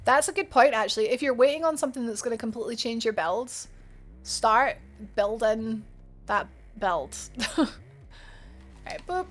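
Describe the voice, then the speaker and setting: A woman's voice: a little high, animated, moderate pace, faint music behind. A woman streaming a video game, chatting with viewers and thinking aloud as she plays, often laughing and gasping. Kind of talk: live gameplay commentary chatting with viewers.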